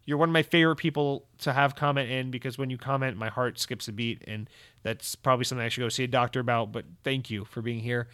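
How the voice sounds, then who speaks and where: A man's voice: medium pitch, fairly even intonation, quick pace, a bit bright, smooth, dry recording. Profane, goofy podcast host man. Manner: profane, sarcastic, goofy rambling. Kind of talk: casual solo podcast monologue.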